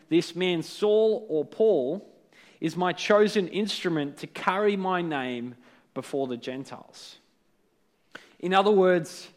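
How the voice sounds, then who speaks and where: A man giving a casual devotional talk as a preacher, conversational and often checking in with tag questions. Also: on the high side.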